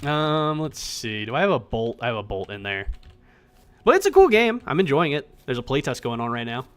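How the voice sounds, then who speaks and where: A man streaming himself playing an indie survival game, chatting casually with animated, profane, self-mocking commentary. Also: mid-range voice, fairly quick, clean tone.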